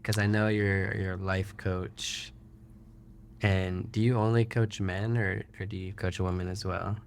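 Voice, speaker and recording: A man with a very deep, level voice hosts a podcast and asks his guest questions. He speaks slowly and casually, often pausing on filler words. A faint ambient hiss sits under his voice. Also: level tone, gravelly. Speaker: podcast host. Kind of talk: casual interview chat.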